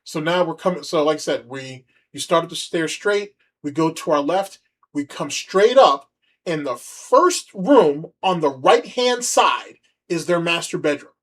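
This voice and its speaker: A man's voice: on the high side, expressive, measured pace, fairly bright tone. A man hosting a livestream, rambling and mocking as he comments on a video. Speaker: streamer host.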